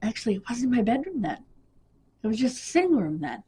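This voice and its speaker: A woman vlogger with a cold, casually reminiscing in a rambling, halting way. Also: fairly high pitch, sing-song, dark tone, husky. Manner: rambling, halting, with many restarts and fillers. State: coughing, sniffly. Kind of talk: casual personal storytelling.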